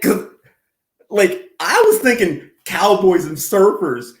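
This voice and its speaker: A man's voice: fairly high pitch, big pitch swings, unhurried, echoey room. A man hosting casual commentary, rambling and self-deprecating, laughing often as he tells stories. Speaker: commentary channel host.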